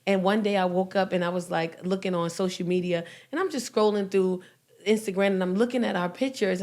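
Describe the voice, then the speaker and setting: A woman's voice: medium pitch, steady tone, brisk, darkish tone. Blunt woman hosting a chat show. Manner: blunt, reactive interjections. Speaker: podcast host. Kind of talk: casual chat.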